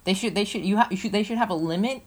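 A woman co-hosting a casual motorsport podcast, talking in an excitable, rambling, playful way. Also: mid-range voice, racing. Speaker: co-host.

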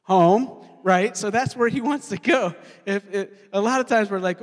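Man, pastor, lively sermon, questions the congregation, church hall echo. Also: high voice, a little slow. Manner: animated, asks the congregation questions. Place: church sanctuary. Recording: long hall reverb.

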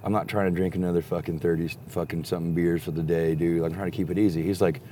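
A young man with a fairly low voice, spinning a rambling, swear-heavy story and slipping into the voices of the people in it. His talk is loose and animated. A faint bed of room noise sits underneath. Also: fast talker. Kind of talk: casual profane storytelling.

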